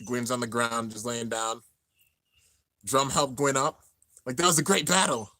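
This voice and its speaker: A young man narrating an anime finale as he watches it live, excited and emotional. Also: mid-range voice, unhurried, dry recording. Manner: excited, narrating on-screen action, drops to near-tears murmurs. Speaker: anime reaction host. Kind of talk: live reaction commentary.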